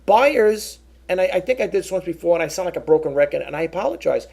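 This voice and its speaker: A middle-aged man rants to his vlog audience about a grievance, rambling and restarting his sentences as he quotes both sides of a phone call. His voice sits a bit high and sounds gravelly and husky. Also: expressive, fast, darkish tone. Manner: repeats and restarts words, rambling. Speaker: vlogger. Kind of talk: casual ranting vlog.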